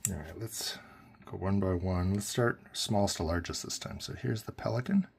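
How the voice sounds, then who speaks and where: A man's voice: low voice, normal speed, creaky, darkish tone, slightly rough. A man giving a casual, rambling pen review, full of fillers and self-corrections.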